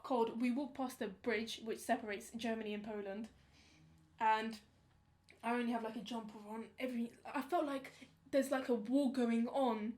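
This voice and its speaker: A young woman, casually telling a story on a podcast in slangy, animated talk. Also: a little high. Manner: animated, slangy, acts out quotes. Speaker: podcast co-host.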